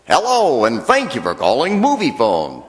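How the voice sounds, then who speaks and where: A man doing a smooth phone announcer. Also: medium pitch, huge pitch swings, moderate pace. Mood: announcing. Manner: formal, announcer-style delivery. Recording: long reverb of a temple hall.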